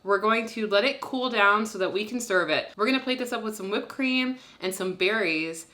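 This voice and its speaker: A woman's voice: mid-range voice, moderate pace, pushed and bright. A young woman co-hosting a cooking vlog from a home basement, walking through a recipe with self-deprecating jokes. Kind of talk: casual cooking demonstration. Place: home basement before a green sheet.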